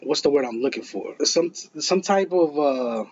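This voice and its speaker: A man's voice: a little high, lively intonation, a little slow, husky. Blunt man giving profane advice. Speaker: podcast co-host. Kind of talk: casual chat. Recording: dull lo-fi podcast audio.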